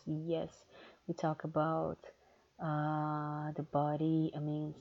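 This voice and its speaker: Slow, low, gravelly-voiced woman. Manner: candid, hesitant with many fillers. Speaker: erotic audio creator. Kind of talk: casual question-and-answer chat. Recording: dull lo-fi recording.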